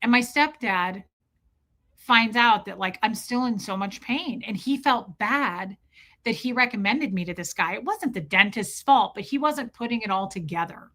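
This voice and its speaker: Chatty bright-voiced woman storyteller. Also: mid-range voice, moderate pace. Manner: chatty, heavy use of "like", emotional. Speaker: vlogger. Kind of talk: casual storytelling to viewers.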